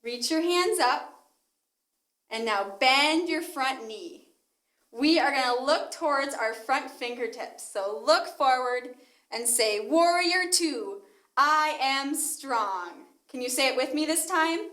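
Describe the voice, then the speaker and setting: A woman's voice: sits high, measured pace, fairly bright tone. A woman leading a children's yoga class, speaking in a cheerful sing-song way and coaxing the kids through each pose. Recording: echoey room.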